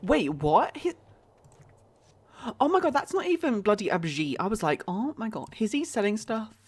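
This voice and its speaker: A woman, chatting excitably to her viewers while she plays a game on a live stream. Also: mid-range voice, slightly rough. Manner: chatty and excitable, quick exclamations. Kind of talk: casual live-stream chat while playing.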